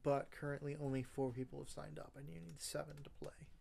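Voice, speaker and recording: A man's voice: fairly high pitch, level tone, a little fast, gravelly, a little mellow. A man talking casually in a rambling, self-deprecating video diary with many fillers, sounding congested, recorded in a car. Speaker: vlogger.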